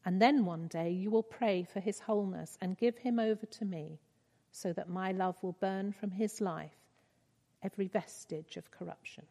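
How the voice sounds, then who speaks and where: A woman reading the lines of a gentle, fatherly God figure in a tender, reassuring way. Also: medium pitch, moderate pace, gravelly. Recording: reverberant hall.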